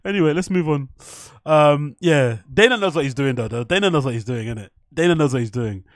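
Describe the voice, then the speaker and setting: A man's voice: fairly high pitch, expressive, brisk, dry recording, clean studio sound. Swearing man on a live stream. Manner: profane, rambling, reads chat aloud. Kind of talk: casual live-stream commentary.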